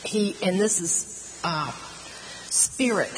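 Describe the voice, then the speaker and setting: A middle-aged woman preaching a sermon, earnest and animated, stretching out words for emphasis. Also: mid-range voice, slow. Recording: long hall reverb, faint noise.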